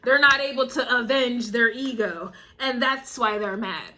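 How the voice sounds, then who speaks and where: Unhurried and a little high, this woman's voice sounds pushed and bright as she does a casual spiritual tarot reading. A tarot and astrology reader, she is emphatic, repeats phrases, chuckles now and then and addresses the listener as baby.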